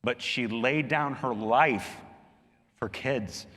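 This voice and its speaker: A man delivers an earnest sermon in a bright, forceful voice. He presses his points by pushing higher and louder. The sound carries a long reverb, as in a big hall. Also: slow. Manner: earnest preaching, rising emphatically on key points. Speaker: pastor.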